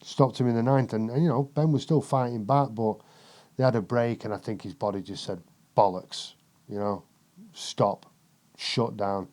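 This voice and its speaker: Man, podcast chat, swears a lot, animated storyteller, mellow dark voice. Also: medium pitch, a little fast.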